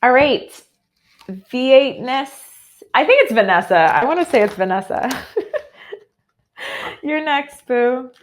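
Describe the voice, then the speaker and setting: A woman's voice: sits high, expressive, slow, pauses often. A woman with an American accent giving a chatty, upbeat live tarot reading, full of "um" and "like". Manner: chatty and upbeat, heavy with fillers like "um" and "like". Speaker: tarot reader.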